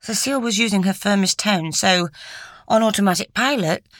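A woman reading a story aloud in a measured, even storytelling manner. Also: medium pitch, no echo, clean studio sound. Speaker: narrator. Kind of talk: scripted narration.

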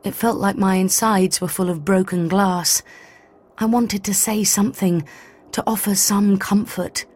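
A woman narrating a science-fiction story in the first person, with an even, measured delivery. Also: mid-range voice, slightly rough. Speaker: audiobook narrator. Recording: faint background music.

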